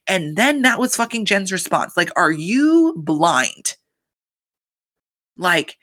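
Chatty, swearing woman recapping gossip. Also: medium pitch. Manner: profane, filler-heavy with constant "like"; animated, acts out quotes with laughter. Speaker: reality show recapper. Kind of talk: casual recap chat.

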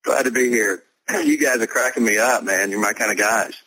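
A man who is a pastor, talking as a podcast guest in an easygoing way with many fillers, with a husky voice. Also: lowish voice, normal speed, bright, forceful tone, dry recording, rough recording. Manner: easygoing, full of verbal fillers. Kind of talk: casual podcast interview.

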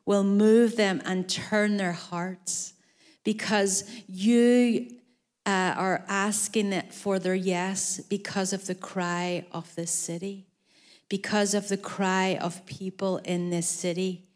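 A woman's voice: medium pitch, steady tone, takes it slowly. A woman leading an earnest spoken prayer over church leaders.

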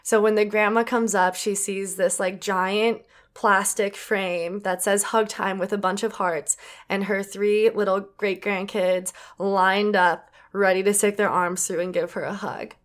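A young adult woman co-hosting a casual chat, telling a story with animated, acted-out quotes. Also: mid-range voice, measured pace. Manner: animated, acts out quoted voices. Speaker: podcast co-host.

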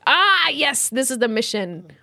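Animated, high-voiced woman podcaster. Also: measured pace. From United States. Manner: animated storyteller, acts out quotes with big pitch jumps. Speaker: podcast co-host. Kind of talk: casual sibling podcast chat.

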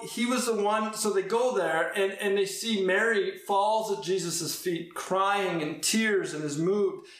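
A man's voice: sits high, a bit bright. A man preaching a conversational sermon, acting out quoted exchanges as he goes. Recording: very roomy, echoey sound.

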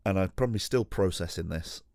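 Here a podcast host recording at home spins a long, rambling yarn, swearing, laughing, restarting, and running himself down along the way. His deep, low voice is gravelly and a little mellow, and he talks a little fast. The recording is dry and close, with no room sound.

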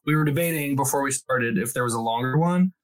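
A man co-hosting a book podcast in casual chat, reacting quickly and laughing often, recorded in a small closet. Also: mid-range voice. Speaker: podcast co-host.

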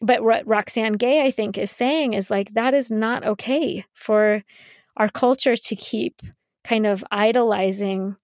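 A woman's voice: a little high, a little slow, no echo. Chatty woman host, dry sound. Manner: conversational with frequent fillers, laughs lightly. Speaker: podcast host. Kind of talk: casual discussion, reading quotes aloud.

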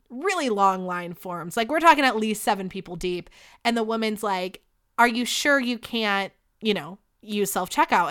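A young woman hosting a casual solo podcast, telling stories in a chatty, candid and animated way with plenty of swearing. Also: medium pitch, clean tone. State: sick. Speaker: podcast host.

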